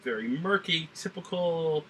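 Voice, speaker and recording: Bright-voiced man in a fake Southern drawl. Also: fairly high pitch, animated, unhurried, a little hiss or hum. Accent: put-on Southern drawl. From New England. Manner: rambling, many fillers, blunt and profane. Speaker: beer reviewer. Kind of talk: casual review vlog.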